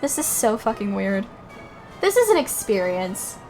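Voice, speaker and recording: A woman's voice: mid-range voice, sing-song, unhurried, darkish tone, soft background music. A young woman streaming a game, making casual, amused asides with some swearing. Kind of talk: casual live-stream commentary.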